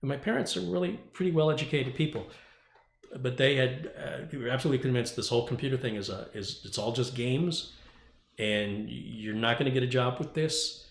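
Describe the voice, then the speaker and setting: A man hosting a casual tech stream, telling a story in an animated, ranting way. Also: mid-range voice, brisk, creaky, roomy sound. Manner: ranting, animated storytelling with mock quoted voices. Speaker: tech YouTuber host. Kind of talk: casual livestream chat.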